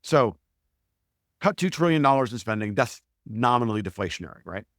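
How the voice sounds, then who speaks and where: A man talks as a podcast guest, emphatic and profane, with frequent restarts and sudden bursts of emphasis. His voice sits at an ordinary middle pitch. The sound is dry and close, with no room around it. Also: animated, a bit bright, dry recording. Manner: emphatic, profane, rapid digressions. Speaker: guest analyst. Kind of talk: animated podcast interview.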